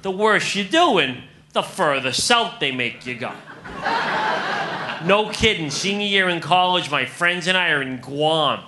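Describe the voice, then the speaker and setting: A man in his thirties performs stand-up on a club stage. His voice sits high, and he lands each joke with a punchy rhythm and talks straight to the crowd. The live recording has a noticeable hiss. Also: expressive, unhurried. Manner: punchy joke delivery, addressing the crowd as folks. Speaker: stand-up comedian. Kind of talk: stand-up comedy set.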